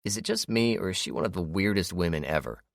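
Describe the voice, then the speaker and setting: A man's voice: deep voice, expressive, fast, gravelly, no echo, studio quality, voice pushed up. A man reading an audiobook, voicing an easygoing, matter-of-fact brother.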